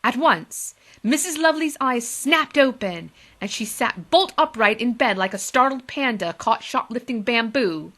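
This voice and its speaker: A woman teacher reading a storybook aloud to her class with expressive, lively delivery. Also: on the high side, measured pace, hardly any pauses.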